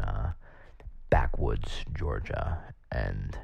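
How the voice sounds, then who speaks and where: A young man hosting a podcast, rambling and halting with lots of fillers. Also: a bass voice, very animated, creaky, noisy background. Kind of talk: casual monologue answering questions. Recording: dull lo-fi sound.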